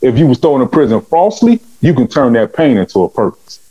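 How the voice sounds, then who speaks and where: Fast-talking man preaching his testimony. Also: husky, dull audio. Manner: animated, acts out dialogue with big pitch swings; fervent and preaching. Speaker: guest telling his life story. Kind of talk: emotional testimony storytelling.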